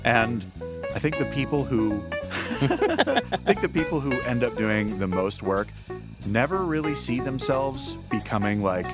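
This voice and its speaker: A man's voice: mid-range voice, sing-song, loud music behind the voice. A man co-hosting a casual chat, telling stories with wry asides. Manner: wry, storytelling, quick asides. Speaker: podcast co-host.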